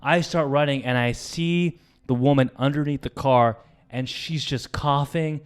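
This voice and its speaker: Here a young man speaks at a measured pace and medium pitch, his tone clean, as he co-hosts a podcast. He tells a story in a casual, animated way, voicing the people involved and cursing now and then.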